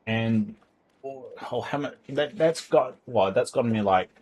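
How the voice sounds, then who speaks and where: A man's voice: mid-range voice, unhurried, a little mellow, slightly rough, muffled recording. A man chatting casually on a livestream from home, rambling and tripping over his words as he reads out donations. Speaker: streamer. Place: home, indoors.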